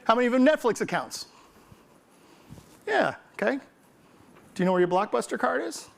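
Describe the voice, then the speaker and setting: A man giving a humorous, energetic keynote to a live audience, quizzing them and mimicking what people say. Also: extremely high pitch, fairly quick, creaky. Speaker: conference keynote speaker.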